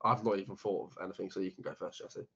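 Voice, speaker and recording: A man's voice: low-pitched, flat delivery, very fast, a bit bright, breathy edge, lo-fi sound. A young man co-hosting a podcast in casual chat, swearing freely and laughing often. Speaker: podcast co-host.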